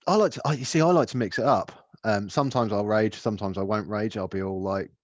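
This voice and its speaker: A laid-back man co-hosting a casual podcast, swearing easily and laughing often. His voice sits fairly low. It comes through a dull, slightly muffled mic in a dry space. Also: quick pace, no echo. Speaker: podcast co-host. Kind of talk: casual chat.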